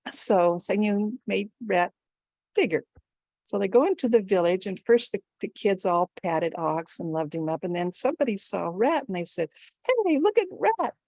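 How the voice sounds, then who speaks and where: An older woman telling a folktale at a storytelling event, with an animated, expressive delivery. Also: mid-range voice, dry recording.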